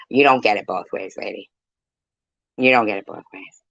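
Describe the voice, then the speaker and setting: Woman streamer, heated and foul-mouthed; gravelly voice, muffled lo-fi recording. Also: extremely low pitch, normal speed, fairly bright tone, dry recording. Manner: blunt, profane, heated. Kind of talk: livestream rant to viewers. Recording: dull, lo-fi, dry mic.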